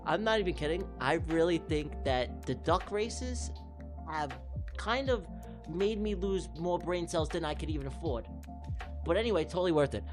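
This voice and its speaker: A man from New York hosting a trading livestream, calling mock races in a rambling, excitable way before winding down, out of breath. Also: fairly high pitch, moderate pace, music in the background. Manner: excitable, rambling, repeats himself. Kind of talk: livestream chat and race commentary.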